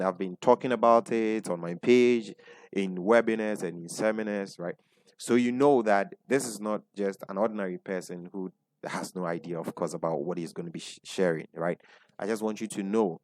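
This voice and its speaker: A fairly low-pitched male voice, recorded without echo, belongs to a Ghanaian-accented business coach teaching a webinar online. He restates his ideas, asks the audience things, and keeps adding "right?".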